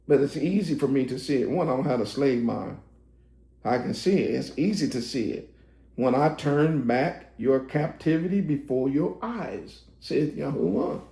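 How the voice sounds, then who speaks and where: A man preaching a sermon to online viewers, his voice going hoarse, building to emphatic, shouted preaching. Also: mid-range voice, animated, normal speed, roomy sound. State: voice getting hoarse.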